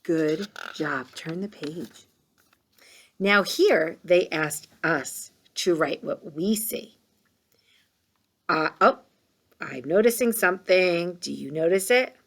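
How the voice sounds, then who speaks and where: A woman's voice: on the low side, slow pace, pauses often. A woman teaching kindergartners a reading lesson, patient and encouraging, sounding out words. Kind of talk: read-along reading lesson.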